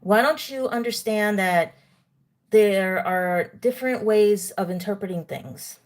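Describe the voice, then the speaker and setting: A woman's voice: mid-range voice, unhurried. Indignant New woman lecturing her chat. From New York. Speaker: livestream host. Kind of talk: live-stream commentary to chat.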